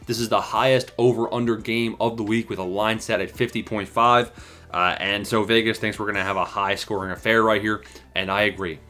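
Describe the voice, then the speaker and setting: A young sports predictions host with a medium-pitched, fairly bright voice calls his football picks, out of breath. His betting talk is casual, hyped and slangy, addressing viewers as "boys" and "bro."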